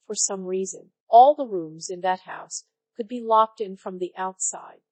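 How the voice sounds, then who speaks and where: A synthetic woman's voice reading a story aloud in a flat, even way, as narrator. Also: mid-range voice, unhurried, no echo, low-quality recording.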